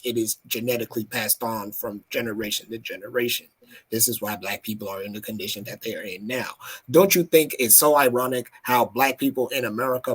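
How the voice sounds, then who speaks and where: A man's voice: medium pitch, breathy edge. A man on a casual podcast, speaking with passion in a lecturing way and swearing. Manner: impassioned, lecturing, profane.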